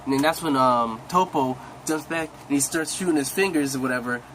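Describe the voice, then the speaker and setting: A young man excitedly retelling an anime episode in a casual, rambling way full of slang, coughing now and then. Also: medium pitch, fairly quick, a little hiss or hum, low-quality recording. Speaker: recap host.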